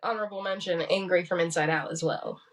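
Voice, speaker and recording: A woman's voice: on the low side, fairly even intonation, fast talker, crowd noise, low-quality recording. A young woman co-hosting a casual podcast chat, teasing and slangy, laughing often. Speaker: podcast co-host.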